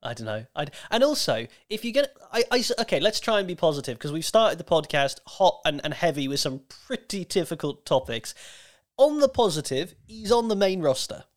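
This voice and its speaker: A man talks through his argument on a podcast and plays devil's advocate in a reasoned way. His pitch moves around a lot, and he adds quick asides between points. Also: sing-song. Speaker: podcast co-host. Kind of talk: casual podcast chat.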